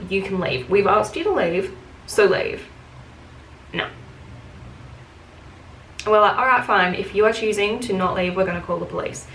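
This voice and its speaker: A woman's voice: mid-range voice, a little hiss or hum. Blunt, swearing woman in an echoey room. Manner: blunt, swears freely, animated when quoting herself. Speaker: beauty vlogger. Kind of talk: casual storytelling while doing makeup.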